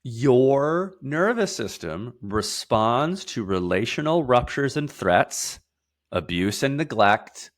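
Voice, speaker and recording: A man guest in an interview, explaining emphatically, stacking lists of words and repeating key phrases. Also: sing-song. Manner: drops to a quieter, slower, lower delivery for heavy points. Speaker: podcast guest, somatic therapist.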